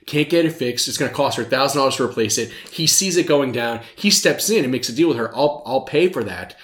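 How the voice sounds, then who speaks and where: A man rattles along at a quick clip as a podcast host, rambling from one tangent to the next with jokes and swearing. He laughs often. The recording carries a roomy echo. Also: medium pitch, fairly bright tone. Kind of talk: casual chat.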